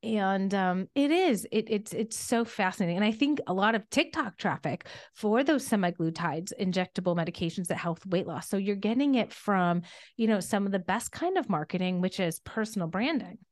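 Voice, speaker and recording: A woman's voice: mid-range voice, moderate pace. A woman hosting a podcast, speaking enthusiastically with frequent restarts and fillers. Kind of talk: podcast conversation.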